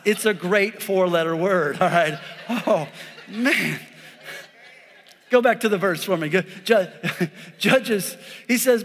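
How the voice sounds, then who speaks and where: A man's voice: high voice, fairly bright tone, in a large hall. A man in his forties, a pastor preaching a sermon in a church in a joking, conversational way, often checking in with the congregation. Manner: joking, conversational preaching with frequent "all right?". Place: church sanctuary.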